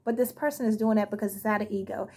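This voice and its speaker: Husky, blunt woman reading tarot. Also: medium pitch, steady tone, fast, dark tone. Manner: blunt, profane, heated, speaks straight to viewers. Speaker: tarot reader. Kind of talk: casual tarot card reading to camera.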